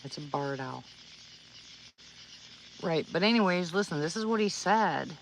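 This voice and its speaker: A woman's voice: on the low side, animated, a little slow, creaky, slight background noise, poor audio. A woman livestreaming outdoors at night, telling a personal story to her viewers in a rambling, earnest way, with many restarts. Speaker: livestream vlogger.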